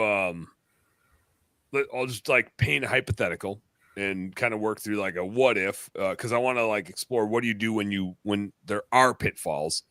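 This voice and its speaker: A man's voice: on the low side, a bit bright, dry recording. A man hosting a podcast, asking rambling questions and joking with the guest. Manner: jokey, laughs, rambling questions. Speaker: podcast host. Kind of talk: podcast conversation.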